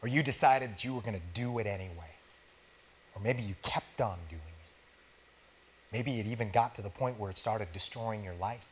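A man's voice: fairly low pitch, moderate pace, a little hiss or hum. A male pastor preaching in an easygoing, conversational way, talking directly to his congregation with slangy everyday words. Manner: casual, conversational preaching that talks straight to the congregation. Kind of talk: sermon.

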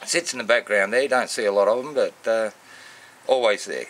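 A man with an Australian accent and a fairly low voice, chatting loosely and full of slang, like he's doing casual shout-outs to his mates. There is a faint hum of noise under him. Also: fairly quick. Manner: matey, rambling, full of slang. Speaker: vlogger.

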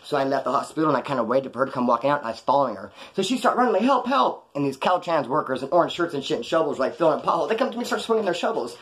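Speaking in a mid-range, fairly bright voice, the man barrels along with lively intonation and hardly a pause. He's a Californian telling rambling, slang-filled stories about his past on a live stream, imitating the voices of people he quotes.

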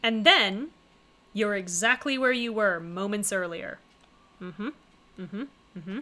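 A woman's voice: mid-range voice, slow, sharp tone. A woman streamer reading a visual novel aloud, with wry, chatty asides in between. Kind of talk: casual reading with commentary.

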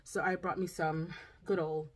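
A woman's voice: on the low side, little pitch movement. Chatty woman vlogger. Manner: chatty, drawn-out phrases, asks "okay?" often. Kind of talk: casual grocery haul chat. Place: home, indoors.

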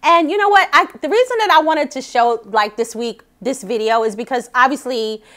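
A woman vocal coach talking chattily in a casual vlog, animated and often laughing. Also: high-pitched, moderate pace.

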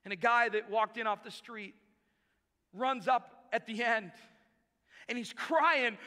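A man preaches a sermon, his voice pitched very high and ringing bright with a forceful edge. He drives his points home by repeating short phrases. A long hall reverb trails every line. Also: animated, slow pace. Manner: emphatic, repeats key phrases for effect. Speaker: pastor.

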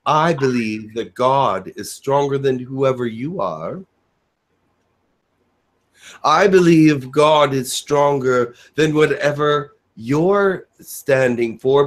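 A man speaking as the spirit Elijah in a channeled spiritual message, in a slow preaching cadence with dramatic pauses. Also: mid-range voice, lively intonation. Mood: earnest. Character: Elijah, a male spirit giving a solemn message.

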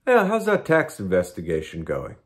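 A man's voice: sits low, wildly swooping pitch, moderate pace, voice pushed down. A man voicing a blunt, breezy female talent agent inside his own comic monologue, keeping close to his natural voice. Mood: pushy.

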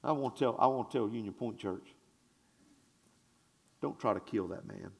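A male pastor preaching a sermon in a church, swinging from shouted declarations to hushed asides in a folksy, conversational way. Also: on the low side, vocal fry. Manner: conversational, drawn-out and folksy, with audience call-and-response.

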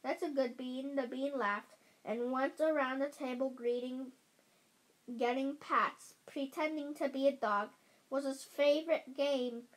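Woman reading a kids' chapter book aloud at a slow pace; careful delivery, frequent slips and self-corrections. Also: high-pitched, low-quality recording. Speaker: reader.

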